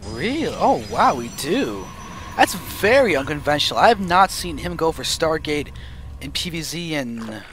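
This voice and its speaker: A man casting a strategy game match with analytical play-by-play commentary, getting excited at big plays. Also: a little high, unhurried, slight background noise. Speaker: esports caster.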